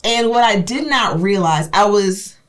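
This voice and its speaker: A young woman co-hosting a podcast, telling stories in casual chat, animated and swearing, acting out what people said. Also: mid-range voice, measured pace. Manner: animated, swearing, acts out quotes. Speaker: podcast co-host.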